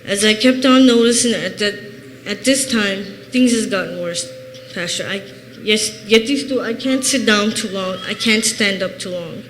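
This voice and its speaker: A woman's voice: medium pitch, moderate pace, few pauses. Woman from Chicago, thirties, earnest plain-spoken church testimony, long reverb, faint hiss. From Chicago, USA. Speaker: church member giving testimony. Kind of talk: personal testimony.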